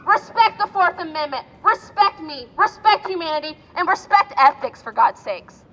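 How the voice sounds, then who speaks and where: A woman's voice: extremely high pitch, expressive, normal speed, sharp tone, long reverb tail, muffled recording. A woman giving shaken, indignant personal testimony outdoors at a rally. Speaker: rally speaker sharing a personal account.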